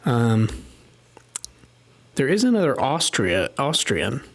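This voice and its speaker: With a creaky, mid-range voice and big swings in pitch, this man takes his time as he plays a puzzle game on a live stream. He mutters and thinks aloud into his desk mic, working through the puzzles in casual commentary.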